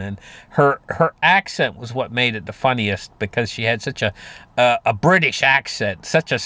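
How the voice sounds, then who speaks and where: A man's voice: mid-range voice, a bit bright. A man giving a rambling, folksy monologue about money and markets, full of fillers and restarts. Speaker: market commentator. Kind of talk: casual monologue on finance.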